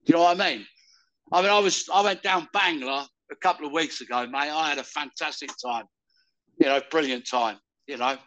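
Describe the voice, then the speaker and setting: Loud older man, rambling. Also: a little high, a little fast, low-quality recording. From United Kingdom. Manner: loud, rambling, calls the listener "mate". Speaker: interviewee. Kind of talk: casual conversation.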